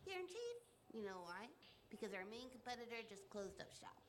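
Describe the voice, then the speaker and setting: An actress voicing a cheerful young female shopkeeper in a game, with a bubbly sales pitch. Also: sing-song, fairly quick, very noisy. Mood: chirpy. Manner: bubbly sales pitch, jumps between high squeaks and a gruff put-on voice.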